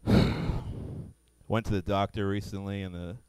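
A man doing a stand-up comedy set on stage before a live audience, manic and swinging from low mumbling to yelling. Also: flat delivery, a little slow, clean tone, no room sound.

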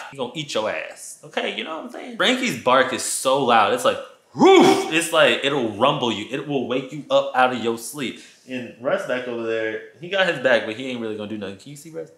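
A man telling a story to his viewers in a casual vlog, animated and profane, talking straight to his audience at home. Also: fairly low pitch, roomy sound. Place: his apartment.

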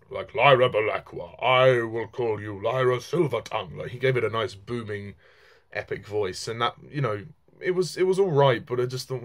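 Young man giving a rambling film review. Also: medium pitch. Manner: rambling, frank, many fillers and restarts, occasional laughs. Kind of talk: casual spoken film review.

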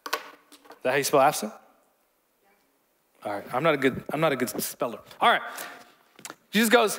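A man's voice: fairly high pitch, big pitch swings, moderate pace, pauses often, a bit bright. A man preaching a sermon as pastor in a church hall, conversational, repeating words and joking with the congregation.

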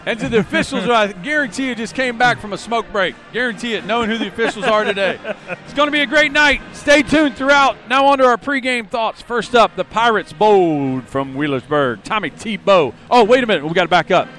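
A playful man with a higher-pitched voice co-hosts a fan sports podcast. He lays out the show lineup in casual pregame banter and keeps slipping in wisecracks. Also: expressive, sharp tone, soft background music. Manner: joking, playful, quick with wisecracks.

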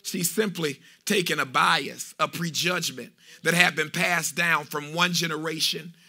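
High gravelly preacher man. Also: fairly even intonation, measured pace. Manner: fiery preaching, half-sung shouted phrases, refrains of "Is that all right?". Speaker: pastor. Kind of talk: preaching a sermon. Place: church sanctuary.

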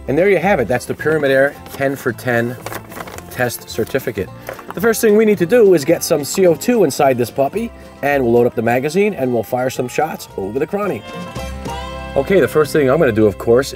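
A man of ordinary pitch hosts a product review outdoors, walking through each step in a casual, upbeat way. Faint music plays quietly behind his voice.

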